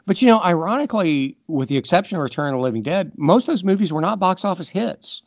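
A man's voice: high-pitched, lively intonation, quick pace, no room sound. A man co-hosting a podcast, giving emphatic, opinionated takes in a casual movie review chat. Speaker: podcast co-host.

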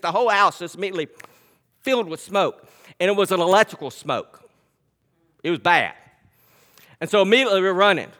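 A male pastor preaching a sermon. He swings between loud, emphatic scripture reading and quiet, conversational storytelling. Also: sits high, long reverb tail. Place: church sanctuary.

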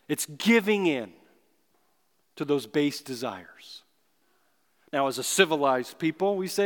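A man preaching a sermon as pastor, earnest and emphatic, slowing down to stress key words. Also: a little high, lively intonation, fairly bright tone. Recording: long hall reverb.

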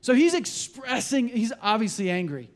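A man preaching a sermon as pastor, animated, with asides and acted-out quotes. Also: very high-pitched, moderate pace.

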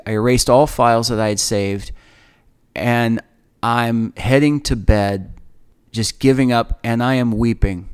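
A man in his forties telling a personal faith testimony in an earnest, emotional way, often halting and restarting. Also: medium pitch, clean tone. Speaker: speaker sharing a personal testimony.

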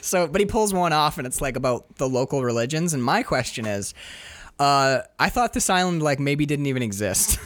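A man co-hosting a casual movie review podcast, joking, animated and swearing freely. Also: a little high, moderate pace, no echo. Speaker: podcast co-host.

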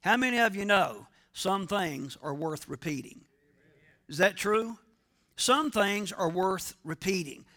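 A man's voice: high-pitched, animated, unhurried, bright, forceful tone. A male pastor preaching a sermon, speaking emphatically and asking his congregation questions.

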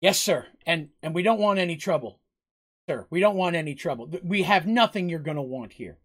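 A man's voice: on the high side, lively intonation, brisk. A man voicing a nervous, stammering village innkeeper who pleads anxiously.

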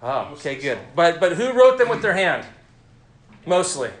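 Lively male Bible teacher in a roomy hall. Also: a little high, normal speed. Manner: lively, interactive, quizzes the class. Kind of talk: youth Bible class teaching.

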